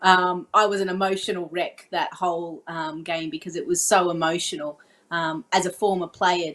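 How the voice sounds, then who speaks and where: A woman's voice: lowish voice, fairly bright tone. Chatty woman commentator telling a story. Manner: chatty, frequent ums, acts out her own on-air call. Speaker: cricket commentator and former player. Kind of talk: relaxed storytelling chat.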